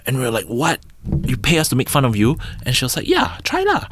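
A man in his thirties with a Singaporean English accent appears as a podcast guest, telling business stories in a lively, chatty way during a casual storytelling interview. His mid-range voice moves fast as he acts out quotes and ends lines with "right?", over a noisy background.

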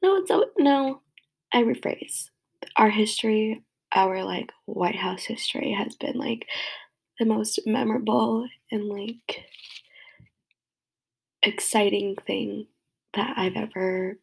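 Crying young woman, gravelly and husky. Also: medium pitch, takes it slowly, pauses often, poor audio. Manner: flustered, self-mocking, squeals in disgust. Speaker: vlogger. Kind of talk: tearful reaction to a tribute.

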